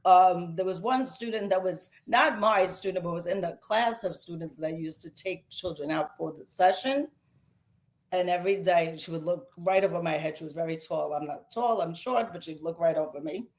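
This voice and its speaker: A woman's voice: lowish voice, normal speed. A middle-aged woman from Brooklyn with a New York accent, telling an emotional story as a guest author in a casual interview. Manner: animated, emotional storyteller, voice rising as she tells it.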